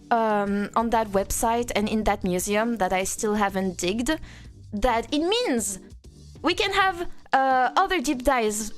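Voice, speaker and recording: A woman from France with a French accent, chatting playfully with her live-stream audience and answering chat. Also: a little high.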